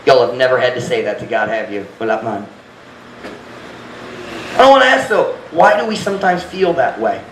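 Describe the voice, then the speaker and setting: A man's voice: mid-range voice, lively intonation, normal speed, pauses often, fairly bright tone. A man, preaching a sermon as pastor in a frank, earnest way and acting out his own prayers. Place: church sanctuary. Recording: echoey church room, faint noise.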